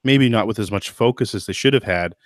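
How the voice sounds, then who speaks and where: A man with a fairly low voice talks through his views in a casual podcast chat, hedging and circling back with fillers and restarts. The sound is dry and close, with no room behind him. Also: fairly quick, no room sound. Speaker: podcast host.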